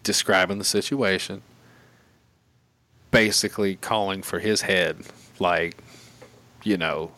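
A man's voice: sits low, steady tone, takes it slowly, long pauses, sharp tone. A man telling a long story in casual, profane and rambling chat.

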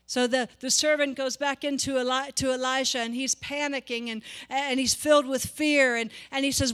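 A woman delivers a sermon to her church in a high, bright, ringing voice. She preaches with passion, circling back on words and pushing up to emphatic peaks before easing off again. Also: flat delivery, normal speed, hardly any pauses.

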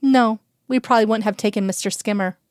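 A woman voicing Mulder, gentle and quiet. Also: fairly high pitch, fast, no room sound, clean studio sound, natural voice. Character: gentle, wry man soothing a child.

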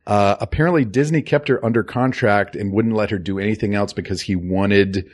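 A man's voice: lowish voice, a little fast. A man hosting a casual comedy podcast, chuckling and telling rambling trivia. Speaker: podcast host.

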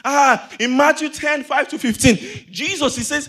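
A man's voice: very high-pitched, moderate pace, few pauses, pushed and bright. A man preaching a sermon as pastor, emphatic, repeating phrases and asking the congregation rhetorical questions.

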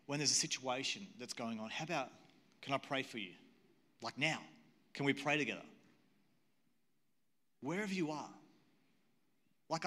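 A man's voice: mid-range voice, bright, forceful tone. Earnest man preaching in a big hall. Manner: earnest, repetitive, asks the audience questions. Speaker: pastor. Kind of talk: sermon. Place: church auditorium. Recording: long hall reverb.

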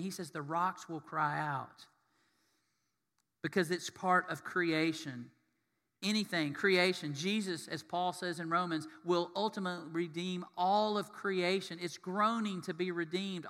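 A pastor with a high-pitched voice preaches a sermon, telling the story in an animated way and acting out the voices of the people in it. The sound is that of a big room.

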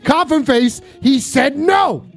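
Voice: high-pitched, lively intonation, slow, soft background music. A tipsy streamer in casual chat, goofily reading viewers' questions aloud to a guest.

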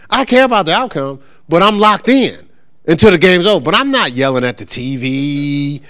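An animated, high-pitched man teaches at church in an informal way, speaking at a normal speed. The pastor acts out the voices of churchgoers and callers and keeps the talk conversational, checking in often.

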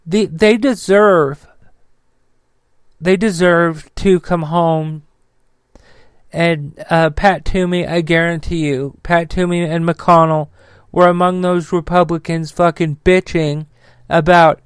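A male political commentator unloads a furious, swear-laden rant, stumbling over fillers. His voice sits high and clear, and he speaks slowly and with weight. The sound is close and dry, with no room around it. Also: steady tone, dry recording. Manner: angry, profane, loud; filler-heavy.

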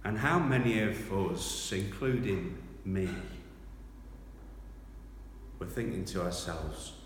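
A man delivers a sermon at an unhurried, deliberate pace, swelling to loud, dramatic scripture readings before settling into quieter reflection. He is recorded from a distance in a large church hall, with a heavy wash of echo and a faint hum of room noise. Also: deep voice. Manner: slow, emphatic preaching that rises to loud dramatic readings. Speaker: pastor. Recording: echoey hall from far off.

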